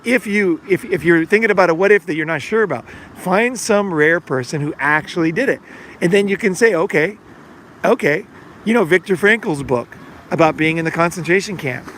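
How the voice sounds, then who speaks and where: There's slight background noise as a middle-aged man, his voice fairly high and a bit bright, hosts a podcast. This life coach rambles casually, uses plenty of fillers, and acts out the quotes he tells.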